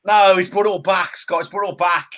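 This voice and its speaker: Man, middle-aged, casual chat show co-host, jokey animated rants. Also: sits high, fast. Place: home room by a window. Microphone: laptop camera.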